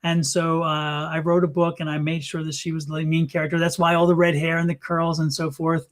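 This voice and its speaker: A man's voice: a little high, completely flat delivery, brisk. A man co-hosting a live stream, talking in a chatty, rambling way about his books. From Arizona. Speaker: co-host and author. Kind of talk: casual live-stream chat.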